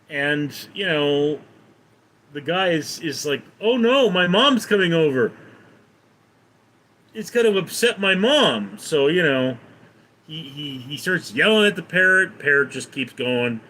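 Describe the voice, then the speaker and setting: A man's voice: on the high side, sharp tone, a little hiss or hum, rough recording. A man chatting casually on a live stream, telling a rambling joke and reading out and answering viewer comments. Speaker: livestreamer. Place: home in Los Angeles.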